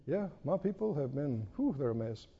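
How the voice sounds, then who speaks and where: A man preaching a sermon in an animated, storytelling way, often chuckling. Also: mid-range voice, moderate pace, vocal fry, slightly rough, long reverb tail, highs cut off.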